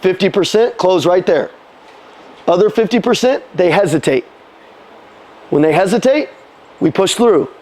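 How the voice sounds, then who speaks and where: Sales trainer, male, high voice, punchy call-and-response coaching to a live room. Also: lively intonation, darkish tone. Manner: casual, swears, quick restarts.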